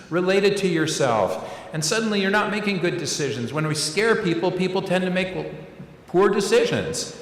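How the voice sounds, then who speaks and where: Man, keynote lecture, animated and playful, fairly high voice, echoey auditorium. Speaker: keynote speaker. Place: large auditorium.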